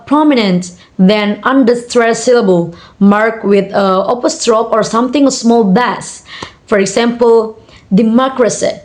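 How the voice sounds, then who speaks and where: A young woman student with an Indonesian accent, reading out assignment answers hesitantly, with many fillers and slowly repeated example words. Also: fairly high pitch, a little mellow. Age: young adult.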